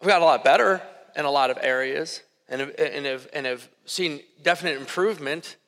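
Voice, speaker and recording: Pastor, man, 30s: high, bright voice, chatty animated sermon storytelling, echoey hall. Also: fairly quick. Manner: animated storytelling, conversational with many fillers. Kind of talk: sermon with personal stories. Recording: echoey hall with long reverb.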